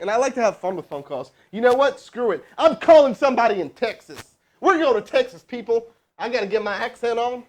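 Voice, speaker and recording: A man's voice: sits high, fairly quick. A man making a live cold sales call and then coaching his crew, talking casually with lots of fillers and restarts. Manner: energetic, rambling, full of fillers.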